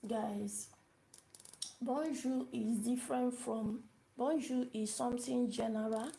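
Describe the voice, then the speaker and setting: Woman, beginner teacher, live stream, slow and repetitive, asks the viewers questions, raspy fry, slightly high voice. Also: fairly even intonation, mellow, a little hiss or hum, low-quality recording. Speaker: language teacher.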